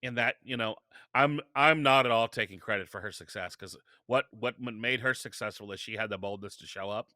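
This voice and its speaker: A man's voice: fairly low pitch, a little fast, no echo, clean studio sound. A man guest on a podcast, talking casually and telling stories with energy, often restarting his sentences. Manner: energetic storytelling with frequent restarts. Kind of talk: casual interview talk.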